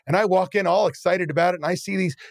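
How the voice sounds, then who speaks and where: A man's voice: high-pitched, fast, vocal fry, dry recording. A man who owns a restaurant, chatting casually and animatedly, acting out scenes and swearing bluntly. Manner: animated, acts out scenes with quoted voices. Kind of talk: casual chat, storytelling.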